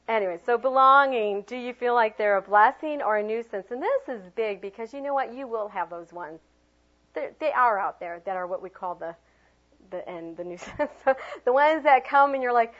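A woman teaching a workshop on children's ministry, telling lively stories and acting out quoted voices in a high bright tone. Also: quick pace. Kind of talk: workshop talk. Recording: dull lo-fi recording.

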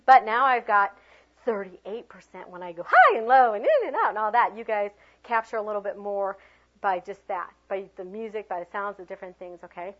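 A woman leading a teaching workshop, animated and chatty, swinging her voice high and low to demonstrate tone and prompting the group with lots of fillers. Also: fairly quick. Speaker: teacher trainer. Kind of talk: classroom workshop talk. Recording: dull lo-fi room recording.

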